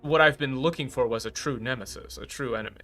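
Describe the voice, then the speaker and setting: Bright-voiced joking male streamer. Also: mid-range voice, fast, soft background music. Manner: joking, riffing impressions. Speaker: streamer and translation reactor. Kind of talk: casual stream chat.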